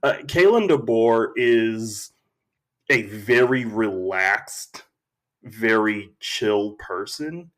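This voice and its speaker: A man talking as a podcast guest, telling stories in a slow, reflective way and acting out quotes. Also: lowish voice, animated, fairly bright tone. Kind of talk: casual conversation.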